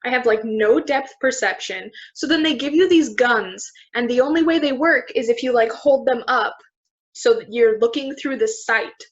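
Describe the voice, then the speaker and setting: A woman's voice: fairly high pitch, normal speed. A young woman co-hosting a casual chat, talkative and self-deprecating, laughing often. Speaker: podcast co-host. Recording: dull lo-fi recording.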